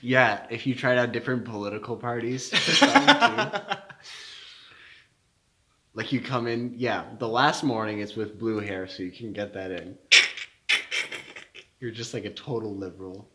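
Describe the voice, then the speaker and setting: A man's voice: fairly low pitch, normal speed, pauses often, pushed and bright. A young man in casual chat who tells stories and cracks dry jokes.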